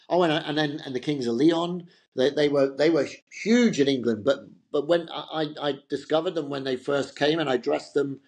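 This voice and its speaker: A middle-aged fashion entrepreneur, appearing as an interview guest, tells loose, rambling stories in a chatty, casual way. His voice sits on the high side with a darkish tone.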